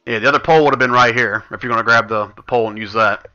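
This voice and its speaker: Rapid-fire and steady in tone, this man's mid-range voice sounds pushed and bright as he runs a tabletop game. Casual and thinking aloud, he moves pieces across the map as game master. The recording is dull lo-fi voice chat.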